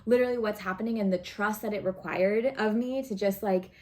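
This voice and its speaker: A woman's voice: mid-range voice, steady tone, brisk, a little mellow. Chatty, encouraging woman reading tarot. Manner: chatty, earnest, frequent "right?" and "okay?" check-ins; encouraging, coaching tone. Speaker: tarot reader. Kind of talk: casual tarot reading to camera.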